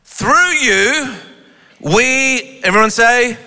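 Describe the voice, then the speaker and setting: Male pastor, unhurried, very bright tone; teasing crowd work that builds into strong sermon delivery. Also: very high-pitched, clear, resonant tone. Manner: playful and teasing, then rising to forceful preaching. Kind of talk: sermon with audience participation. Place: church hall. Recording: echoey hall reverb.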